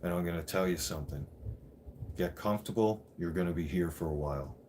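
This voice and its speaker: Man, very low voice, candid storyteller, swears a lot, faint background hiss. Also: brisk, a little mellow. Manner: candid, swears freely, repeats "I'm like". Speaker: vlogger telling his own story. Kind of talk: casual personal storytelling.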